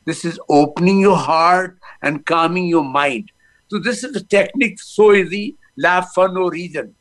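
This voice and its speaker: A man's voice: high voice, normal speed, fairly bright tone, low-quality recording. A man, a laughter yoga guest who talks with energy and breaks into laughing chants over a phone video call.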